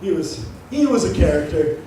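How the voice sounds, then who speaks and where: A young man performing a stand-up comedy routine, telling a story in an animated way and acting out the people in it. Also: a little high, moderate pace, a little hiss or hum. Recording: roomy live venue, mic from a distance.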